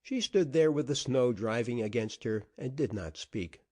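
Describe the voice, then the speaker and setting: A man's voice: medium pitch, animated, normal speed, a little mellow. Guy reading a storybook aloud, dramatic, voice goes up and down a lot. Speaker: audiobook narrator. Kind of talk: storytelling narration.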